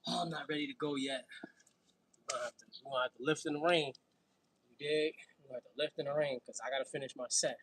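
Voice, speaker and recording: Casting: slangy New York man in his thirties, husky, a bit higher-pitched, loose livestream banter. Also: fairly even intonation, quick pace, a bit bright, low-quality recording. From Brooklyn, New York. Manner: slangy, laughing, chatty between sets. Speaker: fitness livestream host. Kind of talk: casual livestream chat while working out.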